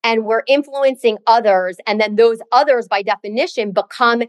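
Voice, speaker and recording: A woman's voice: fairly high pitch, moderate pace, no room sound. A middle-aged woman co-hosting a podcast, telling a story in a dramatic, sassy, chatty way. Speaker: podcast co-host. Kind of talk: casual chat, storytelling.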